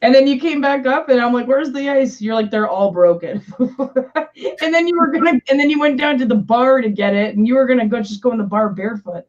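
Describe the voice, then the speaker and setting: Chatty woman on a stream, laughs a lot, a bit high, kinda muffled lo-fi audio. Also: quick pace. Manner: laughs often, chatty storytelling. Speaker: stream co-host. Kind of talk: casual chat on a live stream.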